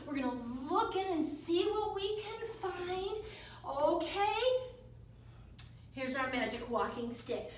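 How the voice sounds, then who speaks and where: A woman's voice: high voice, a little hiss or hum. A woman teaching a children's yoga class, speaking in an encouraging, sing-song way to small children. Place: yoga studio. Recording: very echoey room from far off.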